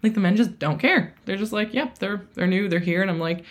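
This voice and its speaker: Woman in her 30s rambling on her podcast, chatty, lots of "like"s, mid-pitch voice. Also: fairly quick, hardly any pauses. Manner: chatty, frequent fillers and self-quotes. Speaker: podcast host. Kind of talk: casual solo monologue.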